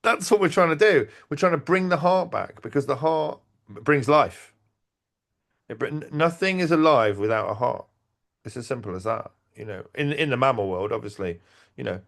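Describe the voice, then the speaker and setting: A man telling stories in casual talk, animated, acting out quotes and restarting his sentences. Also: mid-range voice, normal speed, creaky. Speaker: event organizer and podcast guest. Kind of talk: casual conversational storytelling.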